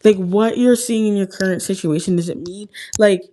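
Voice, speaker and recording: A woman's voice: medium pitch, moderate pace, warm tone, a little hiss or hum. A young woman vlogger talking casually and earnestly to her viewers about faith, with lots of "like" fillers. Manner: chatty and heartfelt, frequent "like" fillers. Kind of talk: casual faith talk to camera.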